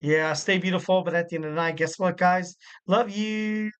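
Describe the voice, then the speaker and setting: A young man hosting a wrestling podcast solo, talking casually in a rambling, animated way with frequent laughs. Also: high voice, moderate pace, clear, resonant tone, low-quality recording. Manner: rambling and animated, full of "like" and "you know", laughs a lot.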